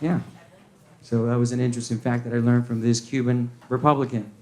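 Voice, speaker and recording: Fairly quick and level, this man's medium-pitched voice has a darkish tone, with a little hiss or hum audible. He's a Colombian stand-up comedian with a Colombian accent performing at a comedy club before an audience, mixing English and Spanish and acting out his stories' characters.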